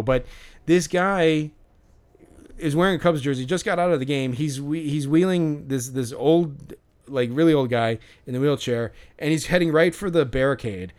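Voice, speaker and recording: This man's medium-pitched voice has a darkish, clean tone. Co-hosting a podcast, he rambles casually through a story, with lots of fillers and false starts.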